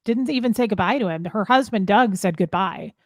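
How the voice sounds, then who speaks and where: Upset woman, halting and close to the mic. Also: mid-range voice, lively intonation, dry recording. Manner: upset, halting, restarts often. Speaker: guest sharing her story. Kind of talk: emotional personal account.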